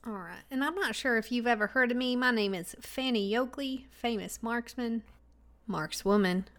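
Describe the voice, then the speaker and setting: A woman's voice: on the high side, normal speed, fairly bright tone. A woman voicing a boastful old-timey female sharpshooter in a tabletop game. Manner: boastful, self-important. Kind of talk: tabletop role-play in character.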